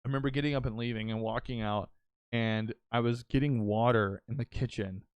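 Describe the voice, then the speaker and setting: A young adult man hosting a podcast, telling an excitable, swear-heavy story in casual chat with many restarts. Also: medium pitch, fairly quick, clear, resonant tone, dry recording, highs cut off. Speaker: podcast host and streamer.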